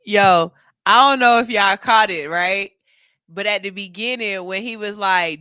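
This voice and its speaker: A male morning radio host chatting casually and animatedly. His voice is bright and crisp. It is close-miked in a dry studio. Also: high-pitched, normal speed, no echo. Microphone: studio mic.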